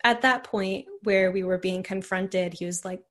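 A woman's voice: lowish voice, fairly even intonation, normal speed, few pauses. A young woman, a podcast guest, telling a personal story in a rambling way full of "like" and "you know". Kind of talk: casual conversational storytelling.

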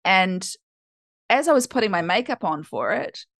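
A woman's voice: mid-range voice, sing-song, normal speed, a bit bright, no room sound, studio quality. A woman hosting a podcast as a coach, talking in a candid, chatty way and swearing now and then. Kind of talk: casual podcast monologue.

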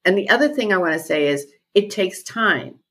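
A woman's voice: mid-range voice, expressive, normal speed, a bit bright, a little hiss or hum. A woman guest who leads retreats, talking thoughtfully in a podcast conversation and repeating her key phrases.

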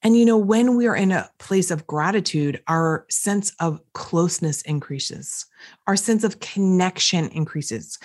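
A middle-aged woman hosting a podcast at home, talking straight to the listener in a lively, coaching way about gratitude. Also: medium pitch. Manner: animated, coaching, talks to the listener directly. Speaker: podcast host. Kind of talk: motivational podcast talk. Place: indoors at home.

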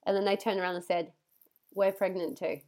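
A woman's voice: mid-range voice, brisk. A young woman hosting a podcast, talking candidly and animatedly, swearing freely and acting out what people said, her nose stuffy from crying. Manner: candid, sweary, animated retelling with voiced quotes. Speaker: podcast host. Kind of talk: casual personal monologue.

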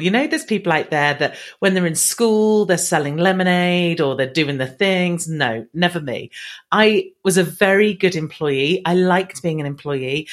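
A woman with an English accent, a podcast guest telling her story in a chatty, self-deprecating way. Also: sits low. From England. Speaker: guest, marketing business owner. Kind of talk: podcast interview.

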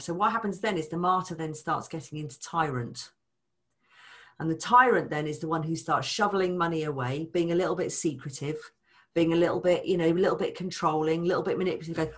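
A woman talking as a money coach in a casual chat, animated, acting out people's voices and swearing casually. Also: lowish voice.

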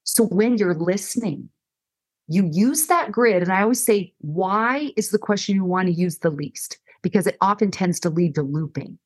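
A middle-aged woman counselor explaining listening skills in conversation, animated and acting out example dialogues. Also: medium pitch, normal speed. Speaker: counselor and guest. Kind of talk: conversational teaching.

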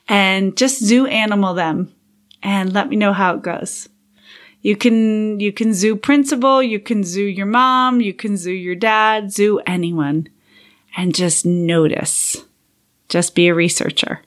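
A woman's voice: medium pitch, measured pace. Encouraging woman podcast host. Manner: friendly and encouraging, with whispered asides. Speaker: podcast host and coach for teachers. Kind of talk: casual solo podcast monologue.

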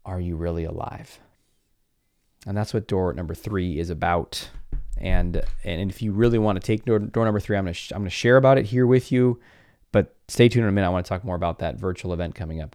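A man's voice: low voice, steady tone, fast, darkish tone. A man hosting a podcast, talking earnestly in a coaching tone and acting out the voices of people he quotes. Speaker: podcast host. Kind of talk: motivational podcast talk.

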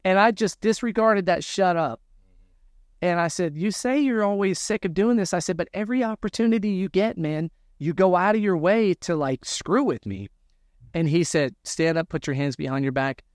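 Animated man telling a prison story. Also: high-pitched, normal speed, no room sound, studio quality. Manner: animated storyteller, acts out quoted dialogue. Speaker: guest telling his story. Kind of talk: conversational storytelling.

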